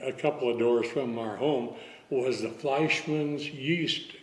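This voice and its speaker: Man in his 80s, from Southern California, relaxed storyteller, wry humor, roomy hall echo. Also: medium pitch, takes it slowly. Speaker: interview guest. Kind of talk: casual interview chat. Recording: echoey hall with long reverb.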